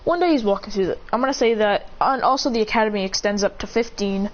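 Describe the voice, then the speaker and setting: A woman's voice: medium pitch, fast talker. A woman narrating a made-up fan story on the spot, rambling with frequent restarts. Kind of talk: improvised fan-fiction narration. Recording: slightly muffled with faint hiss.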